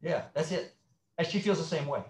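A middle-aged man, a sex therapist, talking as a guest in an interview, animated and acting out quotes with many restarts. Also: on the high side, brisk. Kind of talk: conversational interview. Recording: roomy echo.

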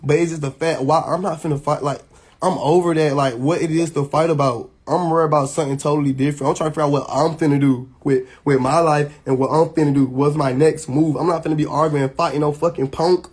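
A man's voice: fairly high pitch, fairly even intonation, fast, a little mellow, breathy edge. A man, venting heatedly and emphatically to his viewers, swearing and restarting often. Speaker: social media personality. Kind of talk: venting straight to camera.

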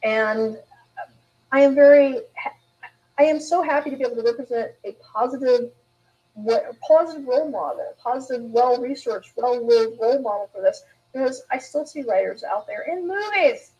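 A female author appearing as a guest in a live interview tells frank, meandering stories with frequent restarts. She speaks at a normal speed in a fairly high voice with a darkish tone, and the audio is poor.

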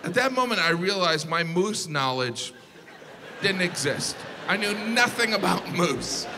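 A male stand-up comedian performing to a live audience, mixing deadpan asides with sudden high-pitched incredulous outbursts. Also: measured pace. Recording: live show with loud audience noise.

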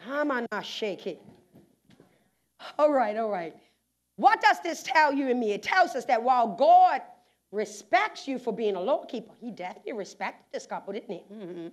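A Bermudian woman pastor preaching a sermon in a church, moving from quiet conversational stretches to loud shouts with laughing asides. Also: sits high. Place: church sanctuary.

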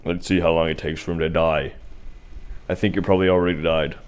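A young man with a very low, deep voice talks over his gameplay in a loose, rambling way. He tosses out sarcastic asides and chats to his viewers as the match goes on. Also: flat delivery, a little fast, smooth. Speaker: gameplay commentator. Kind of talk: casual let's-play commentary.

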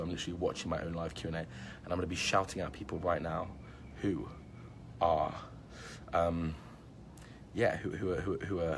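Upbeat low-voiced man on a live stream. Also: a little hiss or hum. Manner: upbeat, hypes viewers, many fillers like "um" and "like". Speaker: magician hosting a live stream. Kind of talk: casual live-stream chat reading out viewer comments. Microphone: phone or laptop live stream.

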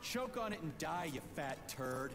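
An actor playing a gruff male soldier protagonist who talks sarcastically and swears a lot. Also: fairly high pitch, lively intonation, normal speed. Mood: sardonic. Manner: sarcastic, profane. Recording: game music behind.

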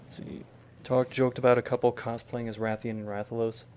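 A man in the middle range of pitch talks his way through a video game stream. He mutters to himself with a wry edge and drops joking asides as he plays. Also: level tone, fairly quick, a little mellow, slight background noise. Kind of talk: casual gameplay commentary.

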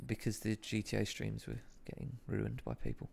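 Essex guy in his 30s live streaming a game, bit of fry in the voice, swears a lot, reads out chat, laughs at his own bad aim. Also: fairly low pitch, level tone, moderate pace, darkish tone. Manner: reads chat aloud while playing, swears, self-deprecating. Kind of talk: casual gaming stream chat.

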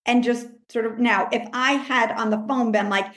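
A woman life coach talking in a casual interview, animated, acting out her own self-talk in a higher voice. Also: moderate pace, roomy sound. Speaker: life coach, podcast guest.

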